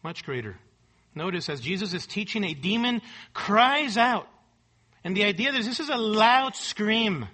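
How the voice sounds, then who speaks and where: A pastor preaches to his congregation in a high, forceful voice. He leans hard on key words, repeats them for weight, and keeps checking in with a quick "right?". The tone is that of a church sermon. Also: lively intonation. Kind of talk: expository sermon. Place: church service.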